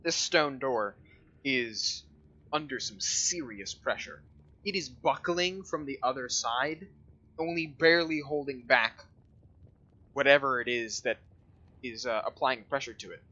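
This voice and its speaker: A man's voice: medium pitch, unhurried, bright, forceful tone, highs cut off. A man running a tabletop game as dungeon master, describing scenes in a rambling, hesitant way with many fillers.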